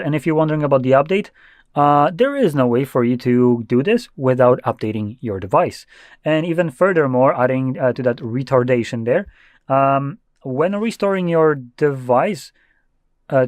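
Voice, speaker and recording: A man's voice: fairly high pitch, dry recording. A young man giving a loose, offhand tech tutorial with blunt asides. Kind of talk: casual screen-recorded tutorial.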